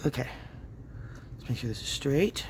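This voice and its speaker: The voice is gravelly and animated, medium in pitch and normal in speed, with a little hiss or hum. It belongs to a craft channel host at home giving a relaxed tutorial, chatting to viewers, laughing often, and talking to himself as he works.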